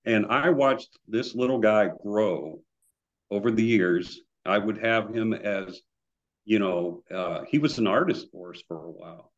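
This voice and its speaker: A man telling casual stories as a guest, animated, acting out the people he quotes. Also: fairly low pitch, measured pace. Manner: animated anecdotes with acted-out quotes. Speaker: guitar builder guest. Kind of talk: casual storytelling. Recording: dull lo-fi remote audio.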